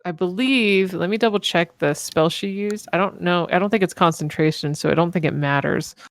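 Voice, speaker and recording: A woman's voice: on the low side, fairly quick, no room sound. A woman narrating as game master of a tabletop game, rambling with lots of fillers and laughter.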